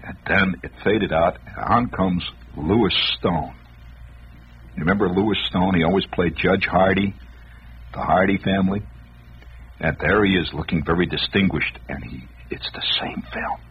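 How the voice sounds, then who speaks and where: A middle-aged man telling a comic monologue, animated, humming tunes and acting out voices. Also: low voice, a little slow, slight background noise. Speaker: storyteller. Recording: dull lo-fi radio recording.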